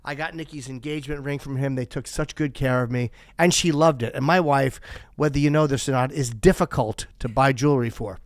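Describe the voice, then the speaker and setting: A man's voice: mid-range voice, a little fast, no room sound. Man, fifties, podcast host, sarcastic ad-libbed ad reads, crude humor, dry close sound. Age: 50s. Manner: crude, sarcastic, riffs off script. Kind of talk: ad-libbed live sponsor reads.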